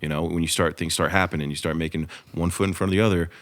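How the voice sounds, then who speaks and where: A man's voice: low-pitched, steady tone, rapid-fire, a bit bright. A man hosting a casual podcast interview, talking earnestly and motivationally with lots of fillers. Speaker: host.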